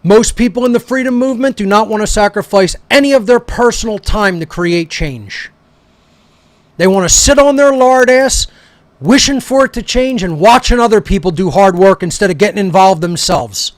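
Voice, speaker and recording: A man with a notably high voice rants angrily as a talk show host, swearing freely and berating his audience. His delivery is heated and confrontational. The sound is close and dry, with no room around it. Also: brisk, no room sound. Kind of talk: angry ranting monologue.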